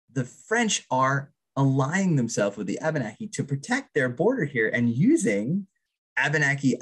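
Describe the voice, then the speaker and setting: A man's voice: mid-range voice, fairly bright tone, breathy edge. A man lecturing on archaeology to a public audience, enthusiastic, often checking in with "right?". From Vermont's Northeast Kingdom. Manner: enthusiastic, frequent tag "right?".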